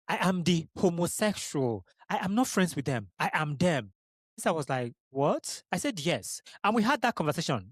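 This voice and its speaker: A man's voice: a little high, no echo, studio quality. A young adult man from Nigeria, hosting a podcast. He talks straight to the listener in a passionate, blunt solo monologue and swears often. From Igbo region of Nigeria. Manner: emphatic, blunt, frequent swearing, direct address. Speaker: podcast host.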